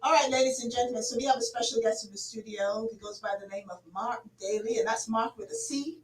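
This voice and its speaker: Giggly london woman hosting a live show, high voice, echoey room. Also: animated, fast, far from the mic, a little hiss or hum. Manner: bubbly, laughing, spells things out. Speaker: show host. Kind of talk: lively live-stream chat. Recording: echoey room, from off mic, crowd behind.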